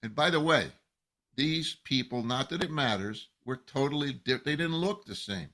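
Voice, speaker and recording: A man teaching scripture as a rabbi, telling the story with plenty of life. His pitch swings widely as he acts out the people he quotes, and his voice has a bright, forward edge. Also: expressive, normal speed. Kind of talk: Torah lesson.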